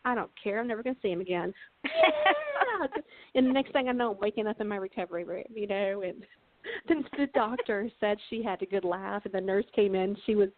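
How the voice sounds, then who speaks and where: A woman from Texas, a guest author, telling funny personal stories in a casual chat and laughing often. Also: on the high side. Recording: tinny phone-like line, dry.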